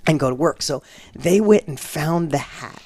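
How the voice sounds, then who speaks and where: A man telling stories as a guest in a casual interview, animated and prone to digressions. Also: a little high, moderate pace, slight background noise.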